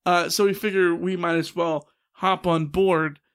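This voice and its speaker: Man, 30s, high voice, podcast co-host, casual chat, filler-heavy. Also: flat delivery, fairly bright tone, clean tone. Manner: quick, chatty, with many "uh" fillers.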